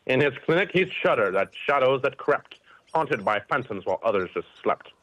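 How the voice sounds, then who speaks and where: A performer voicing a robotic machine that recites a poem in a steady rhythm. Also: mid-range voice, a little fast, low-quality recording. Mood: reciting.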